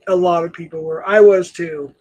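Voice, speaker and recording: A man's voice: a little high, steady tone, moderate pace, a little mellow, no echo, dull audio. An older man hosting a livestream, talking casually in a rambling, self-deprecating way and laughing often. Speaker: livestream host.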